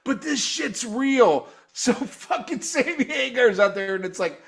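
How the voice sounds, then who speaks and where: A man with a high-pitched speaking voice hosts a live talk show and reviews a concert in a profane rant. He sounds exasperated and swears in nearly every line, and he breaks into loud mocking imitations of singers and guitars. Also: expressive, a little slow, gravelly, husky. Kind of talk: profane ranting commentary.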